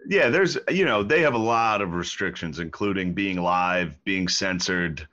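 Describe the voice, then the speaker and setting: A very deep-voiced man from Pennsylvania, chatting as a laid-back comedian guest. He rambles and loses his thread. The sound is a little dull and lo-fi. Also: lively intonation, measured pace, sharp tone. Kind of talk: casual chat.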